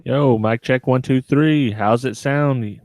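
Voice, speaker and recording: A man's voice: mid-range voice, slow pace, darkish tone, no echo. A man hosting a live-streamed car audio show, laid-back and joking as he opens the episode. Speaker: podcast host. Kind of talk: live-streamed casual talk.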